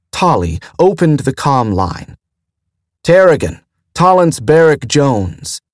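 A man reading an audiobook chapter in a measured, deliberate way, with quiet character lines. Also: medium pitch, no echo, studio quality. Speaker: audiobook narrator. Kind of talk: audiobook narration.

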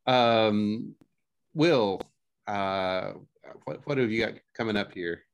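A man hosting a podcast, friendly, laughing often and quick to agree with guests. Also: lowish voice. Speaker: podcast host. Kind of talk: casual podcast chat.

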